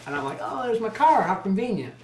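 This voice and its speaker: A man's voice: high voice, a little fast, a little hiss or hum. Profane young man telling a story. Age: 20s. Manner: animated, profane, acts out other people's lines. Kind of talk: casual storytelling. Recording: echoey room.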